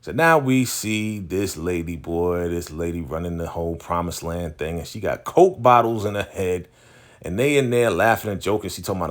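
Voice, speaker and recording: A man recapping a TV episode in casual chat, retelling it in an animated way with slang and lots of fillers. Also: low voice, normal speed. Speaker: TV recap host.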